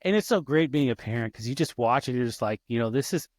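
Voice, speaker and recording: A man in his thirties hosting a casual podcast interview, lively and quick to act out his kids' voices. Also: medium pitch, no room sound, studio quality. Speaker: podcast host.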